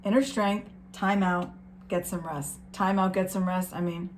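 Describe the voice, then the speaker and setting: Gentle encouraging woman card reader. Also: fairly low pitch, steady tone, unhurried, a little hiss or hum. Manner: gentle, encouraging, emotional, talks to viewers as guys. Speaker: tarot reader. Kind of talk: spiritual card reading.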